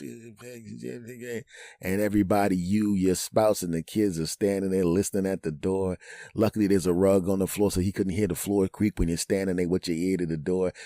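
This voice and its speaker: Male podcast host, low voice, animated comic storyteller; dry studio sound. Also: no room sound. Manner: animated, acts out every character, stretches words for comic effect. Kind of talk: comedic storytelling monologue.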